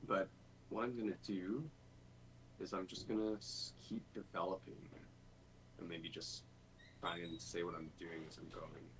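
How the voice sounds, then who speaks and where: A man's voice: low-pitched, level tone, unhurried, pauses often, fairly bright tone, slight background noise, low-quality recording. A man streaming game development, thinking aloud in a casual, rambling way with lots of fillers. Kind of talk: casual dev stream chat.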